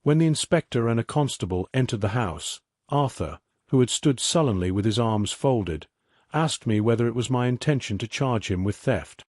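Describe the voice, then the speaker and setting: Measured male audiobook narrator, dry sound. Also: medium pitch, lively intonation, darkish tone, no echo. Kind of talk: scripted sleep-story narration.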